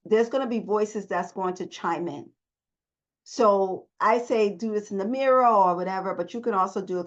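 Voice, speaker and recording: A woman therapist giving a motivational self-help talk, emphatic and repeating her key phrases. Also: mid-range voice. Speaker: therapist coaching viewers. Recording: dull lo-fi audio.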